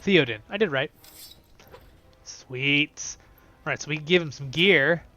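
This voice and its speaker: A young man hosting a casual gameplay video, chatty and excitable, swinging between loud bursts and quiet asides. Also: fairly high pitch, measured pace, highs cut off. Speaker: game video host.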